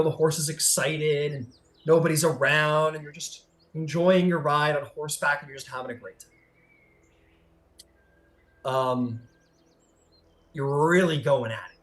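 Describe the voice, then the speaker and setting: A man running a tabletop game as game master, setting scenes vividly with frequent filler pauses. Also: fairly high pitch, fairly even intonation, fairly bright tone.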